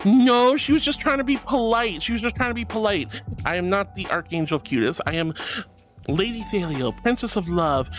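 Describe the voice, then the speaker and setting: A woman streamer chatting casually and reading out chat messages, bubbly and quick to laugh. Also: medium pitch.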